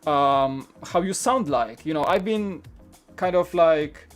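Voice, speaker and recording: A man's voice: fairly high pitch, takes it slowly, faint music behind. A man hosting a live-streamed LEGO build, talking in a chatty, rambling way and reading out the chat. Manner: chatty, rambling, with frequent restarts. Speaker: LEGO channel host.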